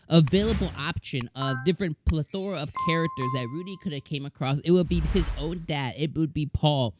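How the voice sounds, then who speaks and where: A man reviewing an anime episode in casual chat, excitable and gushing, often repeating words and restarting his sentences. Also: on the high side, brisk, hardly any pauses, background noise.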